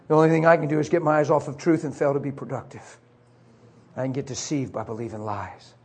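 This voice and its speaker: A middle-aged man preaching a sermon as a story, acting out the voices and swinging from soft whispers to high cries. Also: fairly even intonation, quick pace, slightly rough.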